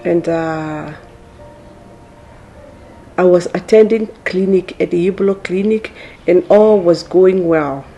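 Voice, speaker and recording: A woman with a gravelly, creaky voice recounts her story in a documentary interview. Her tone is dark and mellow, and she pauses often with fillers. Faint music plays underneath. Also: fairly low pitch, lo-fi sound. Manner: hesitant, many pauses with "uh".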